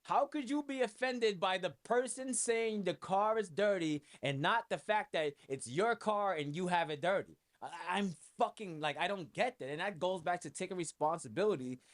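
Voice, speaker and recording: A man's voice: high voice, animated, normal speed, few pauses. A man from New York with a New York accent, hosting his own podcast in a loose, rambling, profane way with lots of fillers. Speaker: podcast host and music producer. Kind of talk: casual solo podcast talk.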